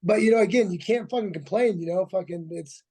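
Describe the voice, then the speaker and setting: A former fighter in his forties, his voice high, brisk, dark and husky, tells a rambling, profane story as a podcast guest. It's a casual storytelling interview packed with restarts and acted-out quotes.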